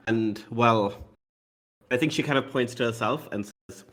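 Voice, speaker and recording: A man running a tabletop game, narrating and speaking for the characters in a slow, measured way. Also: mid-range voice, fairly bright tone. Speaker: game master.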